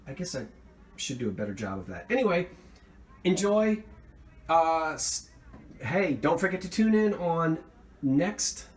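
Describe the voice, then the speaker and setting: A middle-pitched man chats his way through a thrift haul, excited about each piece he found. He rambles and backtracks, with lots of ums and uhs. A faint background hum sits under his voice. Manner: rambling, chatty, with frequent fillers and self-corrections; enthusiastic about his finds. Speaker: thrift reseller vlog host. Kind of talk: casual show-and-tell chat.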